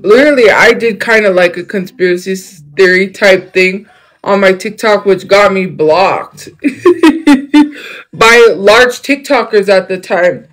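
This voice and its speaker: A man's voice: high-pitched, unhurried, a bit bright, rough recording. A young man chatting casually on a livestream. He rambles, jumps between topics and fills his talk with fillers.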